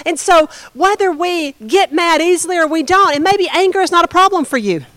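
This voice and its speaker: A woman's voice: very high-pitched, animated, fairly quick, fairly bright tone, no room sound, poor audio. A woman pastor giving a conversational sermon, often asking the congregation questions.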